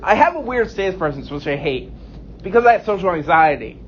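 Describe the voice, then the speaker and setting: High, lively self-deprecating young comic. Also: male voice, fairly quick, a little hiss or hum. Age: 20s. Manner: self-deprecating, deadpan punchlines. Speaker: stand-up comedian. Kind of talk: stand-up set. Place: comedy club stage. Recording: dull lo-fi recording.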